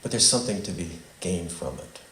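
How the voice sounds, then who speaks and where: At a spiritual center's meeting hall, a man with a deep, slightly bright voice teaches a small group briskly and with animation. He meanders while leading them in a repeat-after-me statement. The hall is echoey and faintly noisy.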